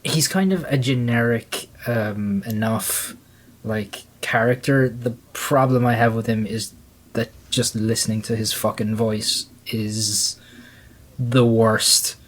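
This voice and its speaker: A man's voice: mid-range voice, fairly even intonation, slow. A man co-hosting a casual panel discussion, rambling and swearing with lots of fillers. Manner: profane, rambling, many fillers. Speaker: podcast co-host.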